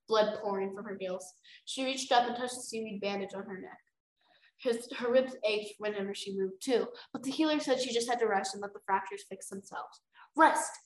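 A young woman co-hosting a podcast, reading a book aloud and breaking off into excited, animated reactions. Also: mid-range voice. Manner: animated, bursts into exclaims and laughs. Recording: echoey room.

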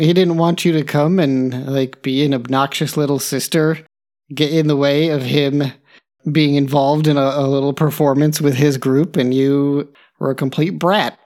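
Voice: medium pitch, fairly even intonation, moderate pace, darkish tone. A podcast co-host chatting casually and dryly teasing a sibling. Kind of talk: casual chat.

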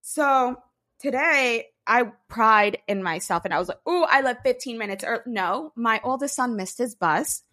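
A woman with a fairly high voice co-hosts a casual podcast. She tells her family stories in an animated, excitable way. She sounds like a busy mom in her thirties. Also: normal speed. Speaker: podcast co-host. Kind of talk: casual chat.

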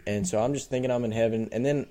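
A young man co-hosting a podcast, telling a childhood story in a casual, animated way with lots of restarts. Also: mid-range voice, quick pace. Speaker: podcast co-host.

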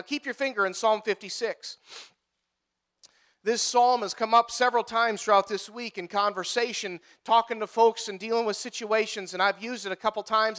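A man's voice: very high voice, bright, forceful tone. A male pastor preaching a sermon to his congregation, driving his points home with emphatic repetition.

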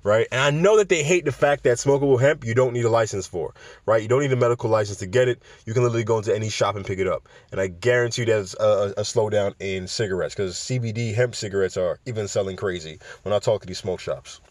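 A man's voice: on the low side, fast, no echo. A man hosting a casual podcast, talking straight to his listeners in a loose, profane, rambling way, often tripping over words and restarting. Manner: addresses listeners directly with questions. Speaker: podcast host. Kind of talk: casual cannabis business podcast.

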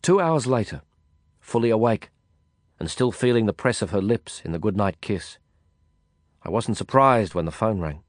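A man reading a first-person audiobook narration in a measured, reflective way. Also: on the low side, animated, dry recording, studio quality.

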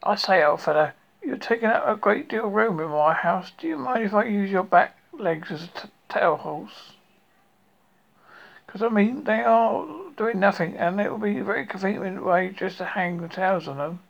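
A reader voicing a fussy, polite male rabbit in a storybook reading, brisk and prim. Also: medium pitch, vocal fry. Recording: lo-fi recording.

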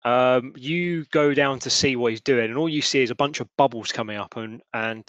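A man narrating as game master of a tabletop role-playing game, halting and full of restarts. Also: mid-range voice, fairly bright tone, no echo, highs cut off. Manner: halting, lots of restarts and fillers.

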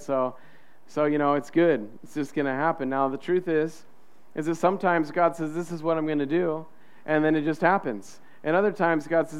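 A man's voice: on the high side, smooth. A man preaching a sermon as pastor, in a conversational way, acting out the inner voices of the people he describes.

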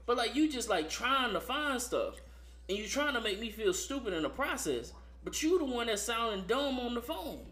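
Lively, bright-voiced man telling stories. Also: extremely high pitch, moderate pace. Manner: lively slangy storytelling. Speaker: podcast co-host. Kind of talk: casual podcast chat.

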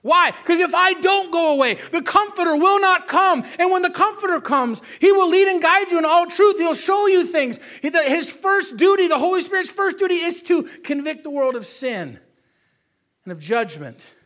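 High, bright-voiced man preaching. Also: expressive, moderate pace. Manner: emphatic, swings between shouting and hushed asides, keeps asking "Amen?". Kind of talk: sermon.

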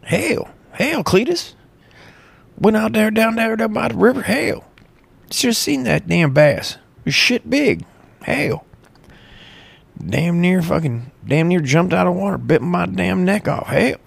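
A man voicing a loud, bragging backwoods redneck man who hollers his tall tales. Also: sits high, big pitch swings, creaky, slightly rough, dry recording, voice pushed up, full character voice. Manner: hollering, drawn-out brag.

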